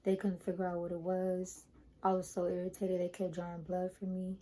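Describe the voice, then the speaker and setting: A young woman vlogger chatting casually to her viewers, retelling a personal story in an animated way. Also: lowish voice, moderate pace, rough recording.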